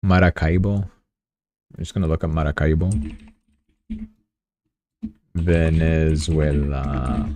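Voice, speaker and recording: A man's voice: very deep voice, fairly even intonation, takes it slowly, long pauses, a little mellow. A man hosting a live show with casual news commentary, chatty and rambling, with joking asides. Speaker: livestream host.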